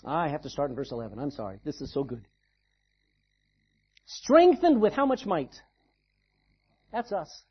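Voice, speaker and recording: Man preaching a sermon, swings up and down a lot, kinda husky, dull lo-fi sound. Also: on the high side, normal speed, long pauses. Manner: animated preaching with acted-out asides. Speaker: pastor.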